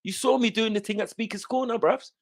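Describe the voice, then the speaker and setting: A man's voice: high-pitched, fast, dry recording, clean studio sound. A man hosting an online panel, ranting in a boastful, confrontational way and swearing a lot. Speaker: host of an online panel show. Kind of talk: heated casual rant.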